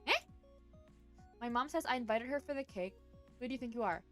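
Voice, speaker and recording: A woman streamer reading online posts aloud and reacting to them, breaking into loud cursing outbursts between passages. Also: a little high, a little fast, soft background music.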